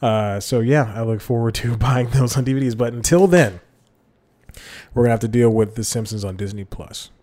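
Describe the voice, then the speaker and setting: A mellow, mid-range male voice carries this solo podcast, delivered at a normal speed. The host sits at a desk mic in headphones, rambling casually, chuckling through asides and correcting himself again and again.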